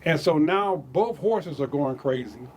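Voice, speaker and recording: A man casually telling stories from his own life, animated, chuckling and repeating words as he goes. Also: fairly high pitch, unhurried, a little hiss or hum. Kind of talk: casual spoken memoir storytelling.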